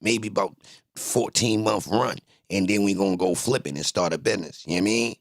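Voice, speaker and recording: A man streaming a reaction to a court video, joking loudly in profane slang. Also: low-pitched, brisk. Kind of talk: casual reaction commentary.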